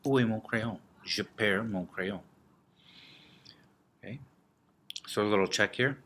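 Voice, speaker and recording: Male teacher, low voice, slow patient drill delivery, faint room ambience behind. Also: fairly bright tone, slight background noise. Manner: slow, repeats words and drills with gestures. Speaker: French teacher. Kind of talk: classroom vocabulary lesson.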